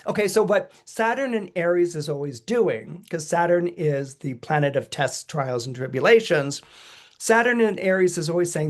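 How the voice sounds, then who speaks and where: A man on a podcast explaining astrology in an animated way, chuckling often and acting out quoted voices with big jumps in pitch. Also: moderate pace.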